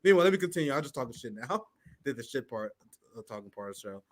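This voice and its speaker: A man's voice: mid-range voice, sing-song, fast talker. A man hosting a live political commentary stream, talking bluntly and with profanity. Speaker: host.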